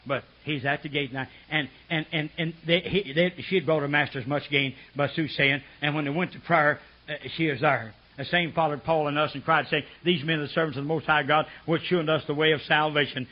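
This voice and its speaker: An older preacher with a husky, somewhat high voice delivers a fervent, rambling sermon. He drops to low murmurs and then climbs into shouted high bursts. The recording sounds dull and lo-fi. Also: steady tone, fairly quick, hardly any pauses. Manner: rambling, folksy storytelling.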